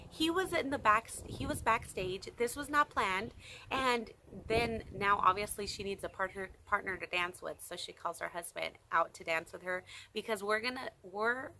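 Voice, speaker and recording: A young woman chatting to her camera in a casual storytime, her voice bright and forward. She tells it animatedly and breaks into excited squeals. A faint hiss sits under the recording. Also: medium pitch, moderate pace. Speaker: vlogger.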